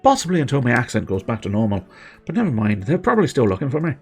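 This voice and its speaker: A man's voice: medium pitch, big pitch swings, very fast, darkish tone, breathy edge, faint music behind. A man voicing a fed-up former town clerk in a video game, with a put-on Irish accent and a chatty, exasperated way of talking. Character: fed-up male former town clerk fleeing his life.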